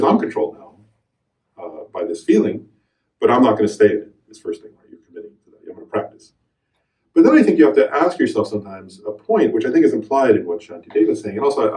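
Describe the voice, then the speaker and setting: Man teaching meditation, lively pitch, mellow voice, distant mic in echoey room. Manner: animated storytelling, acts out quoted voices. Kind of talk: teaching talk with personal story. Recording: roomy hall, voice from a distance.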